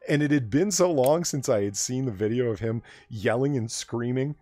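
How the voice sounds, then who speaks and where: A man hosting a late-night casual chat stream, an animated storyteller who swears freely. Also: mid-range voice, normal speed, dry recording. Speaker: stream host.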